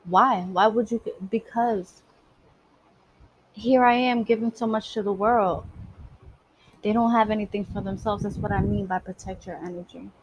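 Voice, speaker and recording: Woman, casual monologue, blunt and streetwise, medium pitch. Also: fairly even intonation, moderate pace, pauses often, darkish tone, highs cut off, a little hiss or hum. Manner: emphatic, streetwise, swears freely. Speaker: spiritual vlogger.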